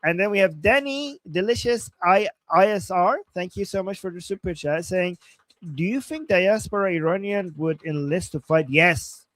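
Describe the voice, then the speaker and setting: A man's voice: sits high, lively intonation, moderate pace, a bit bright, no room sound. A man from Iran co-hosting a live stream, reading viewer messages aloud in a chatty, easygoing way and laughing easily. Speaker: livestream co-host. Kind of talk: casual live-stream chat.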